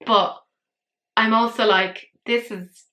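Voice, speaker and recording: Bright-voiced woman ranting about makeup. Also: on the high side, steady tone, slow pace. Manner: swearing, exasperated, self-mocking. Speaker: makeup commentary host. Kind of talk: casual ranting commentary. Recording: echoey room.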